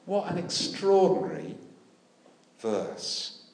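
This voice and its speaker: A man preaching a sermon, animated and full of rhetorical questions with dry humour. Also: sits high, slow pace, reverberant. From United Kingdom. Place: church.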